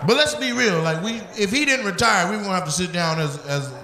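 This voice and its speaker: A man doing loud, profane crowd work on a comedy club stage, bantering and laughing with the audience over a handheld mic. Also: high-pitched, animated, a little fast. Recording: roomy live club sound, loud crowd noise.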